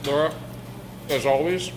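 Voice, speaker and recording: A man's voice: a little high, steady tone, a little slow, noisy background. A man hosting a cooking segment in a kitchen, upbeat and casual, talking straight to the viewers. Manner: upbeat, addresses viewers as guys. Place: shop kitchen. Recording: music playing behind.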